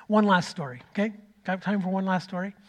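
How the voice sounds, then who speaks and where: A middle-aged man preaching a sermon as pastor, telling a story that swings from loud to nearly whispered. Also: high-pitched, fairly quick. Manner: storytelling, rising loud then dropping to a near whisper.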